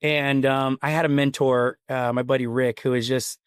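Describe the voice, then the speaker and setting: A man's voice: medium pitch, level tone, normal speed, clean tone, no echo. Male podcast guest, casual rambling storyteller, mid-range voice, dry studio sound. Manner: rambling, earnest, full of "like" and "you know". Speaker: podcast guest, company CEO.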